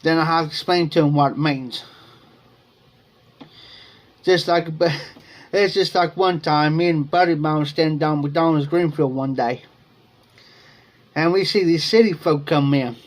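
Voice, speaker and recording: A man's voice: on the high side, measured pace, pauses often. A man from Ohio hosting a livestream, telling rambling folksy stories full of slang and chuckling as he goes. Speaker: livestream host. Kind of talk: casual storytelling chat. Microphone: streaming setup microphone.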